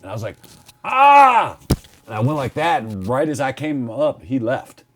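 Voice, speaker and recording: A man in casual chat telling a story in an animated, profane way. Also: mid-range voice, fairly quick, a little hiss or hum. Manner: animated, profane anecdote teller.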